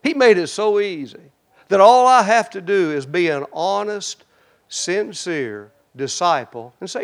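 High-voiced preacher, loud then hushed. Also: male voice, animated, unhurried. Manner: swings between loud emphatic and hushed prayerful delivery; folksy, addresses the congregation directly. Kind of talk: sermon.

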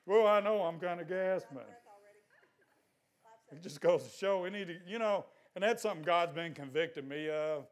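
An older man preaching a sermon in a folksy, exhorting way, at times breaking into loud shouts. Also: high voice, moderate pace.

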